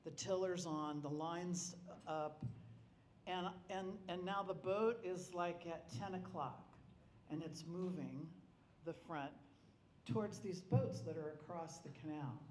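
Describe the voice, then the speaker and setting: A man's voice: fairly high pitch, takes it slowly, a little mellow, a little hiss or hum. Middle-aged man, memorial storyteller, rambling with restarts, voice ringing in a roomy hall with faint ambience. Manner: rambling anecdotes with frequent restarts. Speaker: eulogy speaker. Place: club hall.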